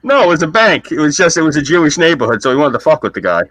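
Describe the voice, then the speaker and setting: Lively, animated man telling stories. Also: fairly high pitch, racing, low-quality recording. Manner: animated storyteller who acts out the people in his stories. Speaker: guest storyteller. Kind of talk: casual chat on a live stream.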